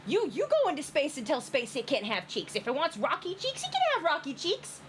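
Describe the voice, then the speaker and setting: A very high-pitched young woman, giggling and rambling as she reacts to memes. Her voice swoops all over the place. There is a faint hiss behind her. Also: sing-song, fairly quick. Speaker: streamer reacting to fan memes. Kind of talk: excited casual commentary.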